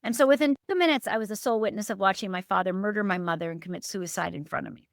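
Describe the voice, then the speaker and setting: Speaking rapid-fire in a creaky voice, an earnest middle-aged woman from Upper Michigan, USA, shares an emotional personal story as a life coach guest. Her delivery is emphatic, with sudden jumps and dips in pitch. The close, dry recording has no room sound.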